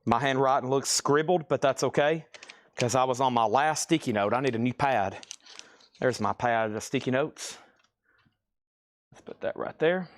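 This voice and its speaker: A man's voice: mid-range voice, normal speed, pauses often. A man hosting a livestream sale, chatty and rambling, a little out of breath, calling out items and bids as he thinks aloud. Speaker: live sale host. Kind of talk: livestream auction patter.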